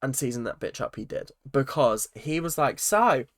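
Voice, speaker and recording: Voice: mid-range voice, moderate pace, no echo, clean studio sound. A vlogger ranting bluntly about a reality TV episode, emphatic and opinionated. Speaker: reaction vlogger.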